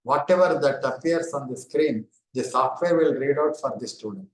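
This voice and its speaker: An older man with an Indian accent giving an online lecture as a former university librarian, explaining steadily with frequent pauses and repetitions. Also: mid-range voice, roomy sound, poor audio.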